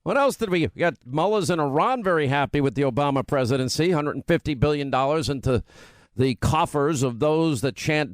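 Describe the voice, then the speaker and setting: A man hosting a talk radio show, delivering an opinionated monologue. He mocks buzzwords by repeating them over and over and rattles off rapid-fire lists. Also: a little high, expressive, no echo.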